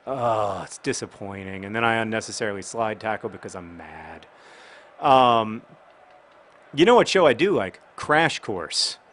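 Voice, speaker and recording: A man giving casual commentary over a football video game, rambling and joking, with sudden bursts of excited shouting. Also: fairly low pitch, unhurried.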